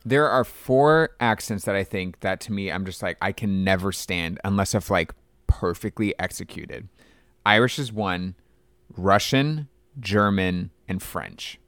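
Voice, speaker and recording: A man's voice: deep voice, measured pace, a bit bright, smooth, dry recording, clean studio sound. A man co-hosting a casual movie podcast, chatty and full of "like" fillers. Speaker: podcast co-host.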